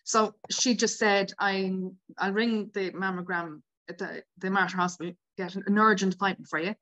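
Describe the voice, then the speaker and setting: A woman's voice: mid-range voice, normal speed, dull audio. Woman in her fifties telling a story. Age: 50s. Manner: animated, acts out quoted dialogue. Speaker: guest. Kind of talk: casual storytelling.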